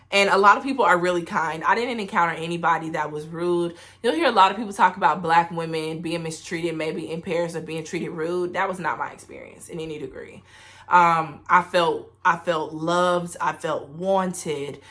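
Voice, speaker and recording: A woman's voice: deep voice, fairly bright tone. A woman, casually telling travel stories to her camera in a candid, profane, chatty way. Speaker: travel vlogger.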